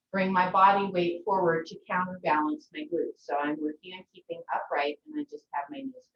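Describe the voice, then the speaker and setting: Woman yoga teacher, calm guiding voice, distant roomy dull video-call sound. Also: fairly low pitch. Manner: gentle, encouraging instructions. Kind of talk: guided yoga class. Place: her home.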